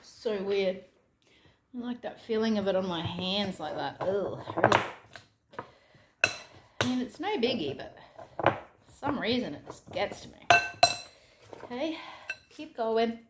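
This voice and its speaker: A woman's voice: mid-range voice, animated, measured pace, pauses often, heavy background noise. A woman with an Australian accent chatting casually while making food at home, thinking aloud with self-deprecating asides. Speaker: vlogger. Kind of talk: casual cooking vlog chat. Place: home kitchen. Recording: echoey kitchen with dish clatter.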